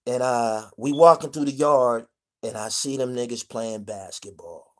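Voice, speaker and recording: A man from the Pittsburgh area spins a long personal vlog story in thick street slang. He swears freely, rambles, restarts his sentences and keeps tossing "you dig?" at the listener, at an ordinary mid pitch. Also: measured pace, a bit bright. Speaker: vlogger telling prison stories. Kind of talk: casual storytelling monologue.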